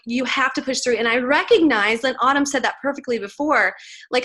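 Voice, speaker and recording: Bright-voiced woman giving a fired-up testimony. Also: on the high side. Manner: emotional, earnest, building to fired-up preaching; chatty, many "like"s and "you guys". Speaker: speaker at a sales team event. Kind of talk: motivational faith testimony speech.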